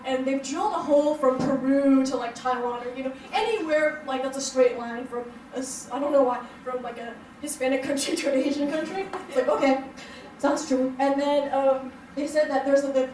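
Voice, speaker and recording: A woman's voice: high-pitched, steady tone, brisk, a little mellow, slight background noise. A young woman performing a stand-up comedy set, rambling through her stories with lots of fillers and laughter. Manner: rambling, filler-heavy storytelling with frequent laughs. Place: hotel event room before a live audience. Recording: roomy, distant live-show sound.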